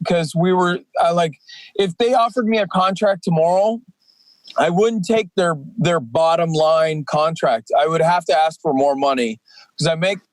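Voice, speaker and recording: A man in his forties, a professional wrestler and podcast guest, talking at length in a rambling, energetic way with many fillers. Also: on the high side, moderate pace, no echo. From Canadian East Coast. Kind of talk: casual podcast chat.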